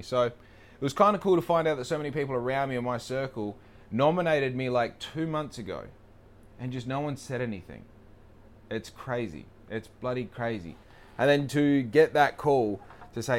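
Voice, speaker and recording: A man's voice: medium pitch, a little fast. A young man talking casually in a rambling, profane, self-deprecating way. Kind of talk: casual monologue.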